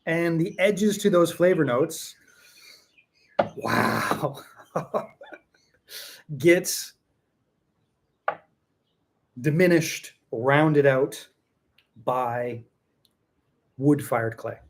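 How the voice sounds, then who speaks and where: A man's voice: fairly high pitch, expressive, very slow, creaky, pauses often. Chatty man rambling about tea. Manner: chatty, rambling, repeats himself for emphasis. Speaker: tea seller and show host. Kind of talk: casual live tea tasting chat.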